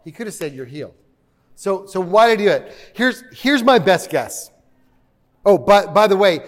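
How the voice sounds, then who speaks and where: A man preaching a sermon in a church, conversational and joking with the congregation. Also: high-pitched. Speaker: pastor.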